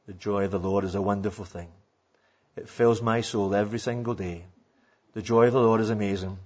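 A man imitating a preacher who drones on repetitively, in a husky voice. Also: on the low side, fairly even intonation, a little fast, voice pushed down, natural voice. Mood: droning. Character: droning male preacher repeating himself.

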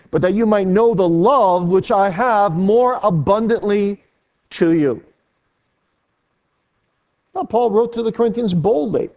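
High-pitched preaching man, earnest and dynamic. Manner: earnest preaching with wide swings in pitch and loudness. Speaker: pastor. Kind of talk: sermon.

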